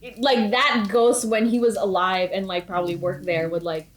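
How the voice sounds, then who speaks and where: A woman's voice: medium pitch, little pitch movement, normal speed. A woman chatting casually among friends, rambling with lots of "like" fillers. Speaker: dance company member. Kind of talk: casual chat.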